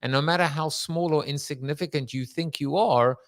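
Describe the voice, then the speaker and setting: A man's voice: on the high side, a little fast, no room sound. Chatty male podcast host, dry sound. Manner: chatty, playful, many "um"s. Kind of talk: casual podcast interview.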